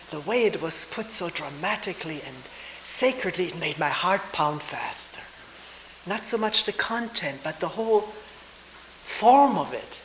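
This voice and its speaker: Older woman, retreat teacher, unhurried and reflective, roomy old recording with faint hiss. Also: lowish voice. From Germany. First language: German. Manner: slow, thoughtful, pausing, soft laughs.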